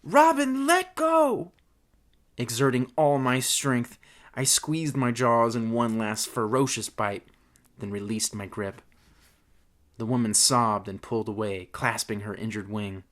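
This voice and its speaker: A man's voice: on the low side, little pitch movement, measured pace, fairly bright tone. A man narrating a comic audiobook in a mock-earnest, wry manner.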